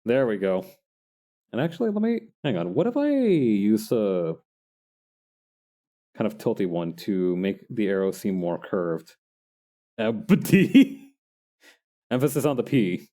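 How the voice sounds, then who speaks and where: A young man casually chatting while he makes digital art, self-mocking and quick to laugh. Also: on the low side, sing-song, warm tone. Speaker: digital artist streamer. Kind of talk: casual narration while drawing.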